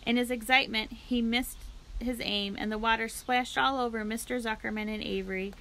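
Woman storyteller, bright, slightly high voice, steady children's book read-aloud. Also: brisk, low-quality recording. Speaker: library storyteller.

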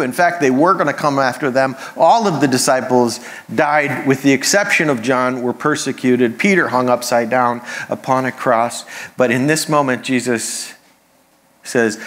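A man's voice: medium pitch, moderate pace, fairly bright tone. A man, a pastor, preaching a conversational sermon with humorous asides.

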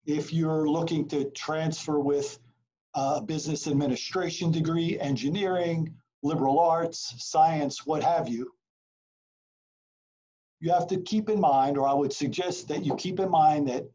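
A man speaking as a college counselor at a virtual information session, upbeat and encouraging. His voice is somewhat high for a man yet mellow in tone. The audio is dull and lo-fi, as from a video call. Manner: energetic, encouraging, rapid delivery.

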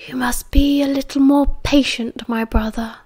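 A woman voicing a sly young female werewolf in an audiobook, speaking hushed and half-whispered. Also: sits high, steady tone, moderate pace, slightly rough, dry recording. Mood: soothing.

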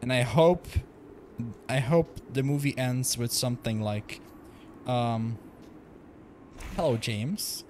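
A man's voice: medium pitch, slow pace, long pauses, a little mellow, slight background noise. A young man streaming a video game from home, rambling casually, swearing and laughing often. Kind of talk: casual gaming livestream chat.

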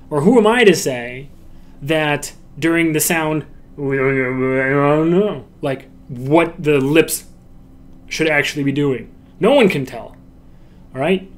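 Slow-talking man giving an animation lecture. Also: a little high. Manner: demonstrates lines and laughs aloud, with restarts. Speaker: animation instructor. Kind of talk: recorded lecture.

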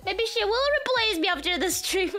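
A woman with a very high, bright voice that leaps up and down as she reacts. She talks slowly but stays excitable, swearing and teasing on a casual live stream. Laughs break into her talk often. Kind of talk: casual livestream chat.

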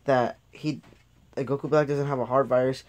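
A man's voice: mid-range voice, steady tone, normal speed, darkish tone, no room sound. Young man, casual video commentary, rambling and self-interrupting, dry close sound. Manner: rambling, loses his train of thought, laughs at himself. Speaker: anime episode reviewer.

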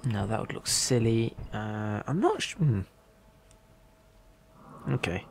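A man's voice: lowish voice, very animated, slow pace, gravelly, a little hiss or hum. A man hosting a multiplayer game session, musing half to himself while he builds. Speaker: host. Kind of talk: casual gaming chat.

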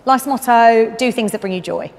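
A middle-aged woman with a South London accent and a fairly high voice. She answers questions in a quick, upbeat, chatty way, like someone at ease talking about her work. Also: creaky. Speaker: head of graduate recruitment. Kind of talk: casual walk-and-talk interview.

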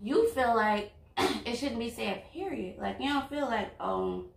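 A woman's voice: fairly high pitch, animated, a little slow, gravelly. A woman, talking bluntly and outspokenly in a casual couple chat over a meal. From Louisiana. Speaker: vlog host, girlfriend. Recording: echoey room, mic at a distance.

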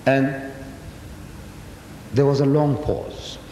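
A man's voice: mid-range voice, steady tone, extremely slow, dark tone. A man, giving a religious public lecture as a storyteller who keeps asking the audience rhetorical questions. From South Africa. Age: 70s. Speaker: Muslim lecturer. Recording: echoey hall, faint noise.

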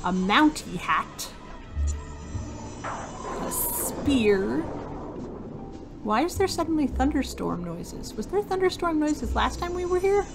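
Slow, musing woman gamer. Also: high voice, very animated, creaky. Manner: slow, musing, talks to herself while searching. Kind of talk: casual let's-play commentary. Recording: faint music behind voice.

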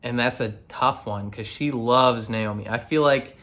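A man's voice: medium pitch, a little slow, fairly bright tone. A man casually chatting through his reaction to a TV episode, rambling with restarts and frequent laughs. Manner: rambling, laughs often, many fillers and restarts. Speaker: reaction video host.

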